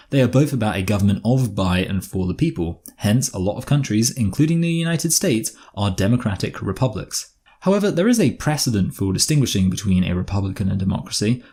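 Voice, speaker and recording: Low, dark-voiced man with a sardonic edge. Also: breathy edge. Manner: dry, sardonic, argumentative. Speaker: video essayist. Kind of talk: scripted video essay narration.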